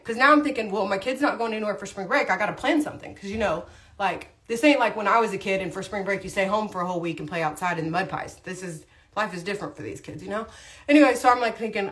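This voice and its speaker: A woman's voice: mid-range voice, fast talker. A woman chatting casually on a livestream, rambling through a story with lots of asides while doing her makeup. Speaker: livestream host, mom.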